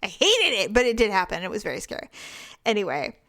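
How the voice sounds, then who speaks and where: A woman's voice: medium pitch, fast talker. A middle-aged woman co-hosting a casual podcast, telling stories and reading listener letters aloud with lots of laughter. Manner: laughs often, animated storytelling with acted quotes. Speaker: podcast co-host.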